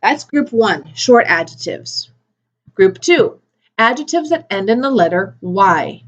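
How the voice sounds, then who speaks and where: Woman ESL teacher, medium pitch, careful slow modelling, slightly dull recording. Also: big pitch swings. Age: adult with a daughter. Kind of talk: recorded grammar lesson.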